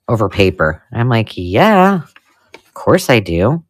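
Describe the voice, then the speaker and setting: This middle-aged woman hosts a live unboxing of vintage paper for her craft channel. Her voice is lively, swooping high and low as she gushes over each find. She drifts between chatty excitement and hushed, awed murmurs. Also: normal speed. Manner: excitable, gushing, drops to hushed whispers. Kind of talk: casual live unboxing chat.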